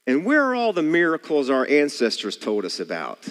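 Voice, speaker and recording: A preacher voicing a doubting young farmer who questions and pleads, his voice rising and falling with lively pitch. The words ring through a long hall reverb, as in a church, during a sermon scripture reading. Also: normal speed. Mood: pleading.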